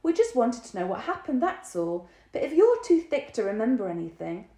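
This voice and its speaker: A bossy, hot-headed schoolboy, as a woman reads him aloud, bursting out in loud, exasperated lines. The pitch leaps about with lively energy. The reading carries a roomy echo. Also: normal speed. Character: quick-tempered schoolboy, bossy and blunt. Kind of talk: storybook reading.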